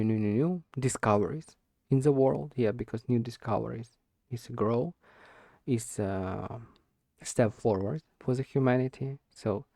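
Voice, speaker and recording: A man practicing spoken English in an unscripted monologue, talking slowly and hesitantly, repeating and restarting words as he searches for them. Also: medium pitch, vocal fry, mellow, no room sound, studio quality. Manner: deliberately slow with stressed words. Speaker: English learner recording speaking practice.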